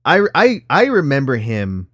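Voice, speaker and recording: A man's voice: mid-range voice, a little slow, no echo, clean studio sound. A young man, chatting casually on a podcast, laughing and swearing freely. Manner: animated, laughing, swears freely, calls people dog. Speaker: podcast co-host. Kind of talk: casual chat.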